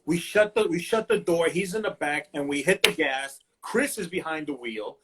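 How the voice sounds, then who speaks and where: A man's voice: on the high side, animated, normal speed, very noisy. A man hosting a casual livestream chat, telling a profane story and acting out the quotes with lots of energy. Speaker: host. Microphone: livestream phone mic.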